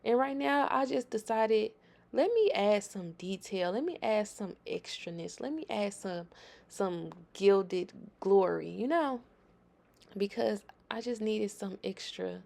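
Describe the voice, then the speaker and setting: A woman's voice: mid-range voice, animated, takes it slowly, gravelly, warm tone. A woman hosting a nail tutorial, talking viewers through her work in a chatty, emphatic voice-over.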